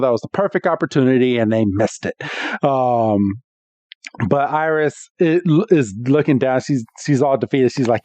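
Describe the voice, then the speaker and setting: A man co-hosting a podcast, narrating cartoon battles with animated storytelling and quick laughs. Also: mid-range voice, no room sound. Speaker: podcast co-host. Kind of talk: casual episode recap chat.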